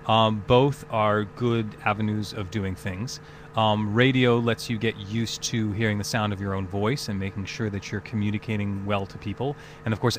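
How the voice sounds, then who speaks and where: A man who is a voice actor answers fan calls in casual chat, thoughtful and relaxed, with many ums and uhs, over a webcam video chat. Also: fairly low pitch, slight background noise.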